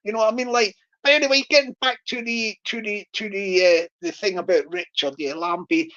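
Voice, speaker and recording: On her own channel, a woman rambles through casual vlog chat with many fillers and restarts. Her mid-range voice is a bit bright and a little fast, and the recording is dull and lo-fi.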